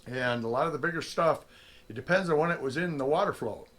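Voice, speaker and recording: A man's voice: fairly high pitch, quick pace. A middle-aged man, a prospecting vlogger, telling a story casually and acting out the lines of the people in it. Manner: animated storyteller, acts out quotes.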